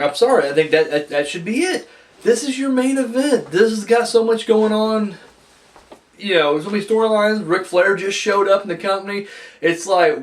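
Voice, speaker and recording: A man reviews casually in a slightly higher voice, rambling with plenty of fillers and blunt swearing. His voice sits a bit back from the microphone, so it sounds a little distant. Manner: rambling, frank, swears freely, many fillers. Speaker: wrestling reviewer. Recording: voice a bit far from the mic.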